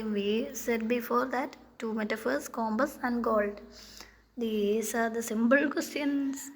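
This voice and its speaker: Slow-talking woman teaching a poem. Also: fairly high pitch. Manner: asks questions then answers them, halting restarts. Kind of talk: quiz-style poetry lesson. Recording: faint background noise.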